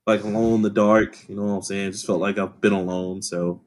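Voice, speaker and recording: A man's voice: lowish voice, flat delivery, brisk. A young man co-hosting a podcast in casual chat, laid-back, laughing often and swearing freely. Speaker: podcast co-host.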